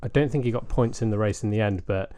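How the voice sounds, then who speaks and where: A man's voice: lowish voice, fast, dark tone, no room sound. A man co-hosting a casual podcast, chatting at length with many fillers. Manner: chatty, recalls details with fillers. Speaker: podcast co-host.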